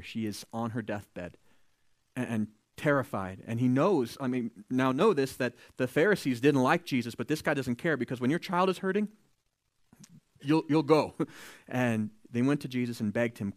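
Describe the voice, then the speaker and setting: A man preaching a sermon, retelling scripture with lively storytelling, acting out the quoted voices and adding joking asides. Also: mid-range voice, no room sound, studio quality. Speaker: pastor.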